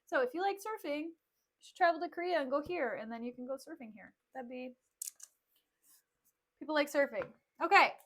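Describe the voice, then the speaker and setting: A woman's voice: high voice, fairly quick, long pauses, fairly bright tone. A woman streamer chatting casually on a desk mic, filling her talk with "like" and laughing often. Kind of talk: casual livestream chat and play recap.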